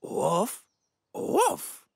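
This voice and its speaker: A man's voice: drawn-out words, faint music behind. A man voicing a big friendly male dog scout leader in a cartoon, who talks only in woofs and hums. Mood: cheerful woofing. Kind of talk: cartoon voice acting.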